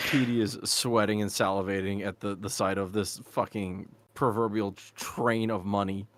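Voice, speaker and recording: A man's voice: lowish voice, measured pace, no room sound, studio quality. A man playing in a tabletop game, laughing a lot and slipping into a jokey "mate" voice for his character. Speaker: player.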